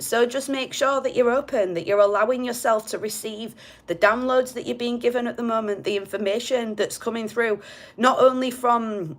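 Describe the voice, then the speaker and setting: A woman with a light Hull accent giving a casual tarot reading to camera, chatty and blunt, swearing casually. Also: mid-range voice. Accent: light Hull, East Yorkshire. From Hull, East Yorkshire. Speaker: tarot reader.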